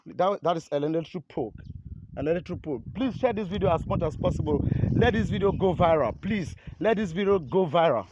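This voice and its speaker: A man's voice: fairly high pitch, expressive, a little fast, heavy background noise. A Nigerian man pleading urgently and repetitively while filming outdoors on a handheld phone beside an eroded road. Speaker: local resident filming his community.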